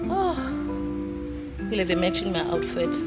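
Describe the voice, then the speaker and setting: A woman's voice: on the low side, sing-song, measured pace. A woman vlogging casually from a car and a dealership lot, emotional, laughing and tearful. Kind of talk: casual vlog chat. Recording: music playing clearly behind.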